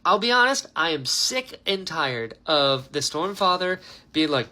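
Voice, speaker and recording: A man giving a casual, animated book reaction, ranting with lots of fillers. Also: fairly high pitch, moderate pace. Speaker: book reviewer.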